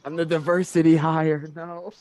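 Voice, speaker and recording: A man's voice: on the high side, flat delivery, normal speed, a little mellow, no room sound. A man co-hosting a casual fight-watching stream, speaking, joking loosely and rambling in slang. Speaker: podcast co-host.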